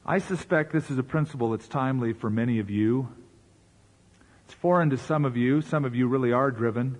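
A man's voice: medium pitch, a little fast. A man preaching a sermon as pastor, talking in a conversational way with rhetorical questions and asides.

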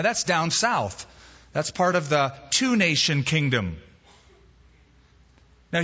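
A pastor preaching an expository sermon, telling a joke story with emphatic, acted quotes. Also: male voice, fairly high pitch, pushed and bright. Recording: dull reverberant hall recording.

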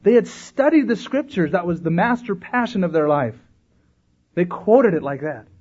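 A male pastor delivers a sermon with a lively, swinging delivery, slipping into little acted voices for the people he quotes. His voice sits a bit high for a man and has a husky edge. The recording sounds dull and lo-fi. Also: moderate pace. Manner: animated, acts out voices in quotes.

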